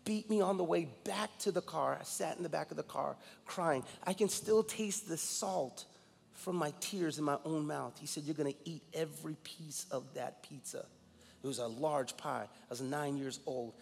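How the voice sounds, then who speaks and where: A man's voice: fairly high pitch, moderate pace, vocal fry, in a large hall, a little hiss or hum. A man in his forties from New York, a guest pastor preaching a sermon with emphatic personal storytelling. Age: 40s.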